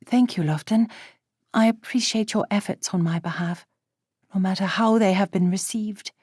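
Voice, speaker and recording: A woman's voice: medium pitch, normal speed, darkish tone, breathy edge, no room sound, studio quality, pitched above the performer's own voice, lightly acted. A woman voicing a spirited young lady who speaks earnestly and pointedly.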